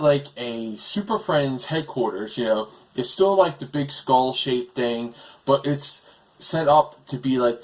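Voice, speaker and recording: A man's voice: medium pitch, poor audio. Casual male reviewer, rambling delivery with lots of fillers, voice cracking. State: voice breaking.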